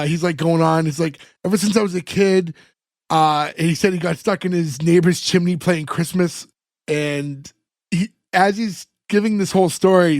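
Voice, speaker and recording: Man, high voice, dry close sound, animated storyteller, casual podcast chat. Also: dry recording. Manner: animated retelling, acts out characters' lines. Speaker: podcast host recapping an episode.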